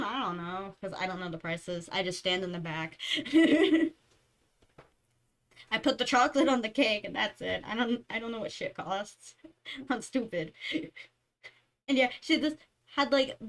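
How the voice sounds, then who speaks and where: A young woman streamer chatting casually, with a slightly high voice. She rambles from one anecdote to the next and giggles often between thoughts. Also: expressive, measured pace, pauses often. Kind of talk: casual chat.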